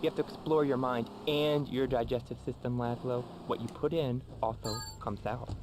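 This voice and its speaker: A man's voice: mid-range voice, steady tone, normal speed, natural voice. An actor playing a pompous, self-serious male martial arts guru as a radio show guest, lecturing in a lofty, earnest way. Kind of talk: comedic radio talk show acting. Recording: game radio audio under road noise.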